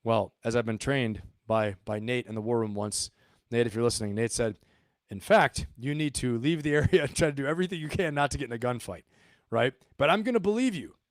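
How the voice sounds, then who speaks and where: A man's voice: mid-range voice, fairly quick, dry recording, clean studio sound. A middle-aged man, a retired Marine officer, hosting his channel with emphatic, repetitive commentary and rhetorical questions. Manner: emphatic, repeats himself, asks rhetorical questions. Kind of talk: casual commentary to viewers.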